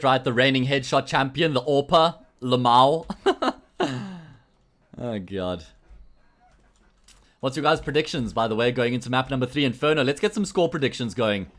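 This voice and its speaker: A South African esports caster runs a solo livestream, commentating and chatting with viewers between matches in a jokey, rambling way full of restarts. His voice is mid-range and a bit bright.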